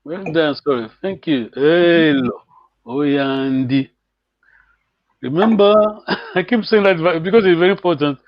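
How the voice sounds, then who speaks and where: A man teaching a live online language class, patiently repeating words slowly and chuckling often, over a call microphone. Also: high voice, expressive, dry recording. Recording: dull, dry lo-fi stream audio.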